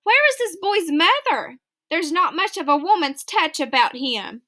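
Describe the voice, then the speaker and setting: A woman's voice: very high voice, expressive, unhurried, sharp tone, full character voice. A woman voicing a motherly woman who fusses over a child and scolds her teasing father. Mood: disapproving. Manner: fussing, scolding then coaxing. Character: motherly woman, fussing and caring.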